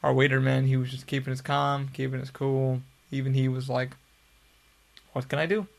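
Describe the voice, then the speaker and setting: A man's voice: medium pitch, completely flat delivery, fairly quick, vocal fry. A young man hosting a podcast, telling a long story in a casual, profane, rambling way. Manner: profane, rambling, laid-back. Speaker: podcast host.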